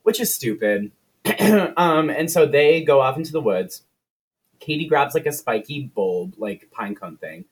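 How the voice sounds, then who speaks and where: A man's voice: medium pitch, lively intonation, measured pace, breathy edge. A man co-hosting a podcast, retelling a film plot in casual, profane chat and briefly putting on voices for the characters. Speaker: podcast co-host.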